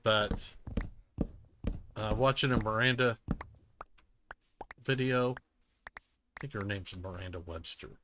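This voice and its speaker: A man's voice: on the low side, takes it slowly, pauses often, pushed and bright, slight background noise. A man giving rambling, jokey gameplay commentary, muttering self-deprecating asides to himself as he plays. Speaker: gaming YouTuber. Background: music.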